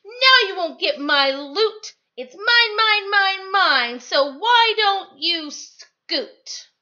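A woman voicing a greedy, selfish male pug dog who shouts that the toys are his, in a read-aloud storybook. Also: extremely high pitch, animated, very slow, muffled recording, voice pushed up, full character voice. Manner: shouting, possessive.

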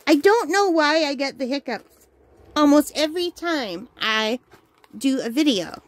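A woman's voice: high-pitched, expressive, unhurried, no echo. A woman hosting a crafting channel, chatting casually and enthusiastically at home while unboxing, with the hiccups. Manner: chatty, enthusiastic, easily delighted. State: has the hiccups.

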